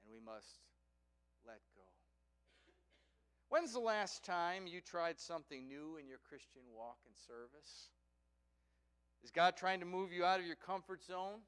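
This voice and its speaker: A man's voice: high voice, fairly bright tone, clear, resonant tone. A man preaching a sermon and telling a story, often checking in with a "right?".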